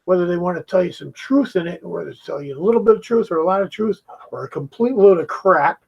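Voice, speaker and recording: High-voiced man ranting and swearing. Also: expressive, quick pace, creaky, a little mellow, breathy edge, lo-fi sound. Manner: profane, mocking, heated. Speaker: commentator reacting to a video. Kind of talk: ranting reaction commentary.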